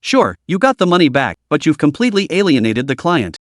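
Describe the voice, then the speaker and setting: A woman's voice: sits low, sing-song, brisk, dry recording, clean studio sound. A man voicing a scheming, sarcastic young woman executive in a story recap, mocking as he reads her lines. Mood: scolding. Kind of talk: recap narration role-reading.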